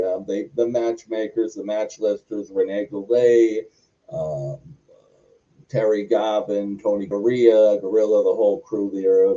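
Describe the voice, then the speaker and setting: A wrestler telling a long backstage story in an interview, rambling with many fillers. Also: male voice, on the low side, dark tone. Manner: rambling, filler-heavy anecdotes. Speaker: wrestler guest. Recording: muffled lo-fi recording.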